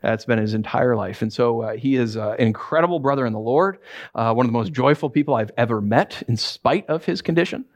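A male pastor delivers a casual, meandering sermon in an ordinary mid-pitched voice. He talks the way he would in conversation, with plenty of "uh" and restarts. He slips readily into quoted voices and dry humor to make his point. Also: a little fast. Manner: conversational, animated preaching with many fillers and self-corrections; swings into acted quotes and wry humor.

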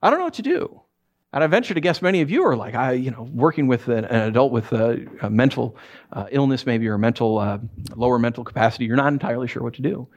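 Animated conversational male pastor. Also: mid-range voice, quick pace. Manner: conversational, animated preaching with many fillers and self-corrections; swings into acted quotes and wry humor. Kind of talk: sermon.

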